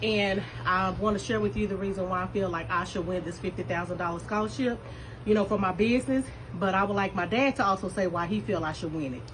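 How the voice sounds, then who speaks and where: A woman's voice: medium pitch, fast talker. A woman with a mid-range voice teases her father with a straight face during a mock scholarship speech. Her manner is playful. Noticeable background noise runs under the recording. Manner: playful, straight-faced teasing. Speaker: daughter pranking her father.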